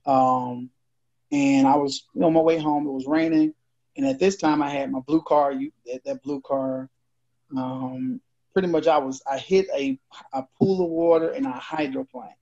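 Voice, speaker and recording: Sharing a personal anecdote on a podcast he co-hosts, this man speaks casually and animatedly, performing the dialogue himself. His voice is on the high side at a normal speed, and the podcast audio is dull and lo-fi.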